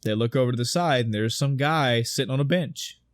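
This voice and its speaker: Male podcast co-host, mid pitch, animated play-by-play recap, dry close recording. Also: a little fast, clear, resonant tone, dry recording. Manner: excited retelling with swearing and quoted dialogue. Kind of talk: casual film discussion.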